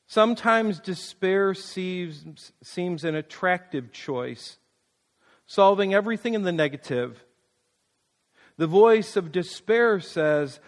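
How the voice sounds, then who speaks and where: A man with a high voice speaks slowly and earnestly, tender in his reflection. A long reverb hangs after his words. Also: lively intonation. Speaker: preacher. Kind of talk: reflective devotional reading.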